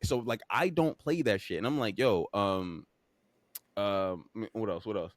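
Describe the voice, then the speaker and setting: A man's voice: lowish voice, measured pace, no echo. A young man co-hosting a podcast, telling a story with frequent profanity and emphatic delivery. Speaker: podcast co-host.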